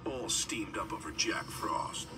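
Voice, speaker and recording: A proud storybook steam engine scoffs in a low, sniffy murmur, as a man puts him on. His tone is dismissive. He sounds far from the mic over loud music. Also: lively intonation, takes it slowly, in a whisper. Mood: scornful. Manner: scornful, sniffy.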